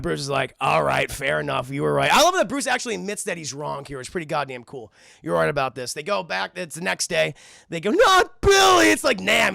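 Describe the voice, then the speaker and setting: A man's voice: fairly high pitch, gravelly, no room sound, clean studio sound. A man reviewing a cartoon episode for a live chat, talking casually and animatedly with lots of swearing. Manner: animated, profane, keeps addressing chat. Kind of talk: casual spoken recap.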